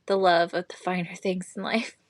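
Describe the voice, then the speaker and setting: A woman's voice: lowish voice, level tone, normal speed, no room sound. Dry, easygoing podcast woman. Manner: easygoing, laughs often, dry quips. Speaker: podcast co-host. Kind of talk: casual podcast chat.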